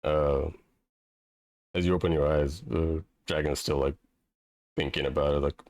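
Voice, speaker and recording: A man narrating as game master over an online voice call, with a halting, filler-heavy way of talking. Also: extremely low pitch, steady tone, a little mellow, no echo, clean studio sound. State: audio cutting out.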